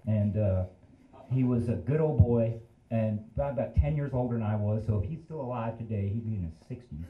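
A man's voice: on the low side, a little fast, echoey room, narrow, tinny audio. A man in his fifties telling a story on a live stage in a casual, rambling, self-deprecating way. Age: 50s.

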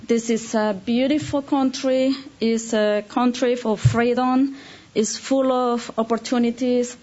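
A woman's voice: a little high, fairly even intonation, measured pace, dark tone. Woman from Colombia, heartfelt and simple. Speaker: new citizen giving a speech. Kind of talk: short ceremony speech. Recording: dull lo-fi recording.

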